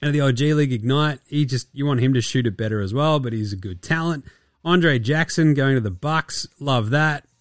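Sarcastic Australian podcast host. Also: male voice, mid-range voice, dry recording, clean studio sound. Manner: sarcastic, profane, mimics players in quick asides. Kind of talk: casual basketball chat.

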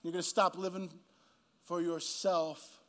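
A male guest pastor preaching a sermon, telling a story in a casual way and building to a slow, emphatic close. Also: sits high, level tone, a bit bright.

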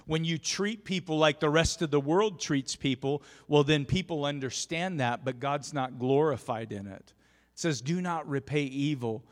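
A man preaching a sermon as a pastor, telling a story with lively swings from quiet asides to shouting. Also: on the high side, moderate pace. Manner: animated, shouts in storytelling peaks. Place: church sanctuary. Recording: long church reverb.

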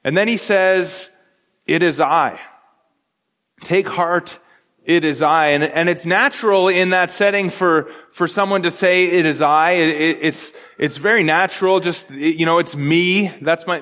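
High-voiced male pastor in a reverberant hall. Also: steady tone, a little slow, a bit bright. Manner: earnest, conversational preaching with frequent restarts. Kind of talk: sermon.

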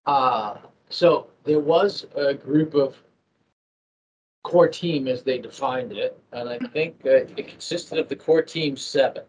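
A medium-pitched, slow-speaking man from Massachusetts, near Boston, works as an ERP project manager at a manufacturer. He rambles through a casual business interview, full of fillers and restarts. The audio is dull and lo-fi, with faint noise.

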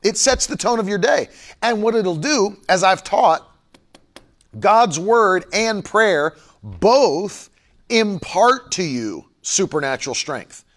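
A man with a high-pitched, sing-song voice preaches a sermon on a livestream. He is emphatic, repeats his key phrases and stops now and then to read viewer comments aloud.

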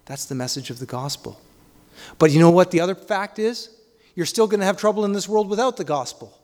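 Man, preacher, sermon, rhetorical questions, loud and hushed by turns, slightly high voice, long hall reverb. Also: expressive, a little fast.

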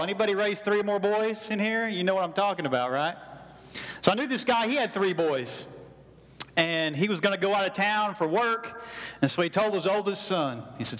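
High-voiced pastor preaching in a church hall. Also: male voice, expressive, moderate pace, fairly bright tone. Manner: folksy storytelling, calls for audience response. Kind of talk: sermon. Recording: long hall reverb.

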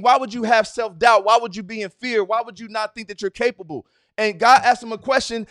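A man hosting a podcast, giving a motivational talk in a casual, slangy way, driving his points home with repeated rhetorical questions that build to loud urging. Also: high voice, no echo, clean studio sound. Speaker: podcast host. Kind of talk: motivational speech.

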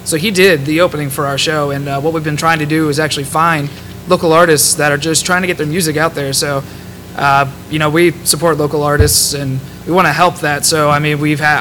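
A man who hosts his own podcast, chatting casually in a quick, easygoing way. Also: a little high, sharp tone, a little hiss or hum. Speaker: podcast co-guest host.

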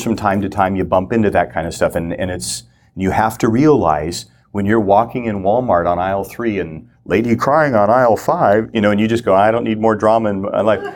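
A middle-aged man teaching as a guest, telling a personal story and acting out the lines he quotes. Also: lowish voice. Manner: animated storyteller who acts out quoted lines.

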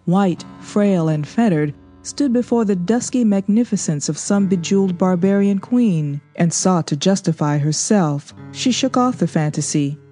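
A woman reads a novel aloud in a mellow, fairly low voice, steady and measured as she carries the story. Soft music hums faintly behind her narration. Her delivery stays even and unhurried. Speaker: audiobook narrator. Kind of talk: scripted narration.

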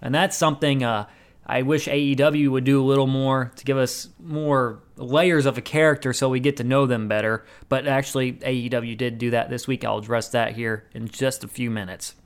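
A man's voice: medium pitch, fairly even intonation, moderate pace, smooth. A man hosting his own wrestling review show, recapping matches in a rambling, casual way with many fillers and restarts.

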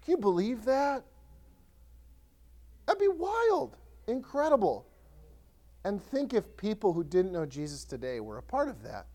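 A man preaching a sermon as pastor, conversational and animated, often restarting his sentences and acting out scripture. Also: high-pitched, a little fast, few pauses.

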